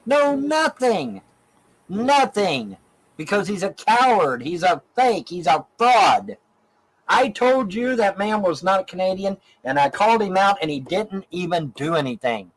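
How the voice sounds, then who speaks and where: A man's voice: sits high, animated, normal speed, rough recording. A middle-aged man from Ohio ranting angrily in a profane, repetitive stream monologue. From Ohio, USA. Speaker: online show host in archived clip.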